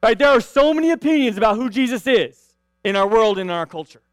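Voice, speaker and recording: A man with a high, smooth voice delivers a sermon in a chatty, conversational way. He keeps checking in with his listeners and restarts his phrases as he goes. The sound is close and dry. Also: animated, quick pace, no room sound. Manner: conversational, frequent "right?" asides and restarts. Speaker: pastor.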